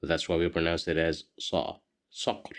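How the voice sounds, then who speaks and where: Low-voiced man teaching a language lesson. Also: level tone, clear, resonant tone. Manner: patient, repeats words slowly for learners.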